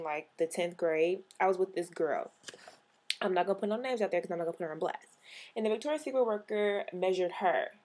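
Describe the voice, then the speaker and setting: A woman's voice: on the low side, a little mellow. A young woman vlogger in a sassy, exasperated comic rant to camera, punching out her catchphrase.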